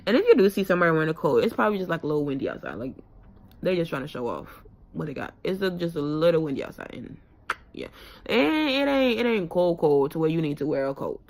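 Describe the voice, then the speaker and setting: A woman's voice: low voice, very animated, quick pace, gravelly. A young woman from West Africa chatting casually to camera in a frank, rambling vlog with slang and fillers. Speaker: vlogger.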